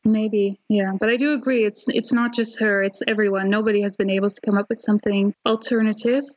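A woman co-hosting a casual podcast discussion, enthusiastic and quick to laugh. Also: mid-range voice, steady tone, no echo, dull audio. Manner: giggly, enthusiastic, laughs often. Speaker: podcast co-host.

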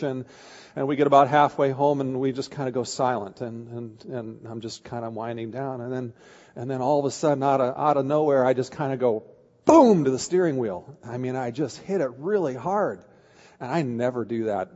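A middle-aged pastor delivers a sermon, talking candidly about his own life and often restarting his sentences. His voice sits at an ordinary pitch for a man. The recording is slightly muffled and rings with a long hall reverb. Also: a little mellow. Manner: candid storytelling with frequent restarts. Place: church sanctuary.

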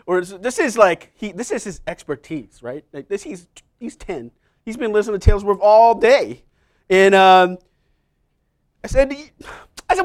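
A middle-aged preacher with a rather high voice gives a very animated sermon in church. He loosely and self-deprecatingly shares personal stories, often turning to the congregation for quick asides.

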